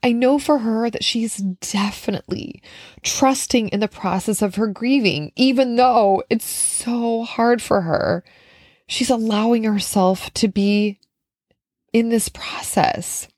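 In her reflective solo podcast, a woman from Minnesota who coaches nutrition speaks with heartfelt earnestness and a conversational flow dotted with fillers. She talks slowly, with a fairly high pitch and a darkish tone. The recording is dry and studio quality.

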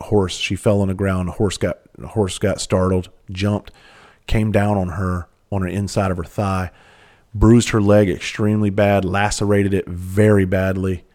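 A man's voice: sits low, darkish tone. A man, a father and former first responder, telling a personal story candidly and bluntly, with profanity and frequent restarts.

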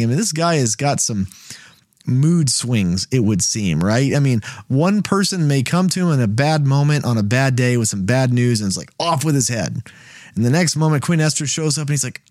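Man, Bible study host, mid-pitched, conversational and wondering-aloud delivery, dry booth sound. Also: expressive, normal speed, a little mellow, dry recording. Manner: conversational, thinks aloud with repeated words. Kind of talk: casual Bible teaching.

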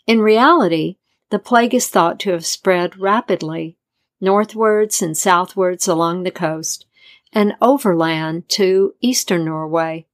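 In a low, calm voice, a woman slowly narrates an old folktale. Her reading is measured and deliberate, the way a scripted story is told.

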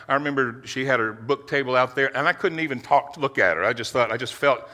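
Male preacher, forceful tone, stumbling earnest testimony, reverberant hall. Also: mid-range voice. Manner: earnest, halting, with many restarts. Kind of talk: personal testimony sermon.

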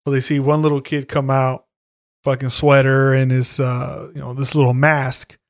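A man's voice: medium pitch, level tone, moderate pace. A young man, retelling scenes in a casual, profane, slangy chat.

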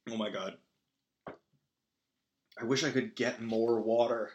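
A man hosting a podcast, recapping a movie in a rambling, self-deprecating way with big animated swings. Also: medium pitch, slow pace, highs cut off. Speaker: podcast host.

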